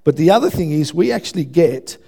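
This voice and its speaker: A man's voice: a little high, animated, brisk, creaky, mellow, breathy edge. A man preaching a sermon in a conversational way, often checking in with the congregation. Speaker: pastor.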